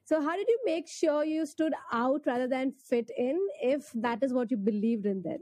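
A woman host with a high voice and a soft, dark tone introduces her guest's story. She wanders through her question, restarting and rewording it, in a dry, close recording. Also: normal speed, no echo. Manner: rambling, rephrases questions as she goes. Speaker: interview host. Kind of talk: casual interview questions.

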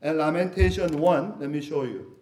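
A man's voice: on the high side, moderate pace, darkish tone. Middle-aged man preaching in an echoey room. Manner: conversational, jokey asides with laughter. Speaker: pastor. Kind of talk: sermon.

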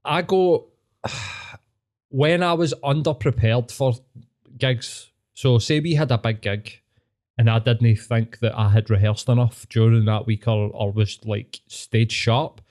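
A man's voice: medium pitch, unhurried, a little mellow. A Scottish man hosting a podcast, chatting casually and earnestly with plenty of swearing. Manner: swears freely, matey and earnest. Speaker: podcast host.

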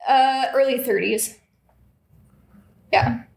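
A woman's voice: high-pitched, takes it slowly, creaky, darkish tone, reverberant. A young woman co-hosting a casual podcast, telling stories with frequent laughter and swearing, recorded in a small room. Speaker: podcast co-host. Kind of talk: casual chat. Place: small hot room with lights and a computer.

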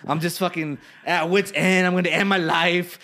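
A man's voice: high voice, level tone, moderate pace, sharp tone. A man co-hosting a casual podcast chat, swearing constantly and laughing through his rambling stories. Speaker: podcast co-host.

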